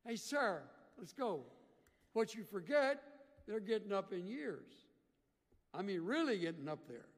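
A man preaching a sermon, swinging from loud emphatic bursts to quiet earnest asides. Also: sits high, in a large hall. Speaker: pastor.

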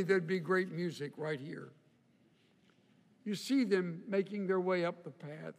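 A man preaching in a long-reverb hall, with a high voice and an unhurried, measured pace. He builds to loud, emphatic peaks and then sinks low and slow. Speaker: pastor. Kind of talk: sermon.

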